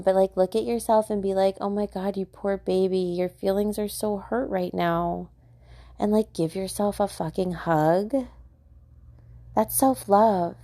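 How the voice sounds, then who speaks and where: A woman's voice: fairly low pitch, gravelly, warm tone. A young woman hosting a podcast, talking casually about self-love with lots of fillers, laughter and swearing. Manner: chatty, filler-heavy, swearing, laughing often. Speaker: podcast host.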